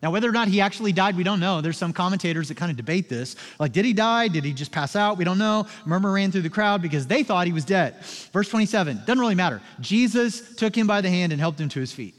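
A man preaching a sermon as pastor, moving from soft, low, slow passages to loud, emphatic ones in a conversational way. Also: lively intonation, in a large hall.

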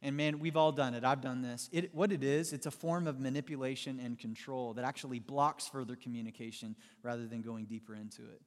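A man preaching a sermon, with animated storytelling and playful asides to the congregation. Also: mid-range voice, brisk, few pauses. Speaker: pastor. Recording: long hall reverb.

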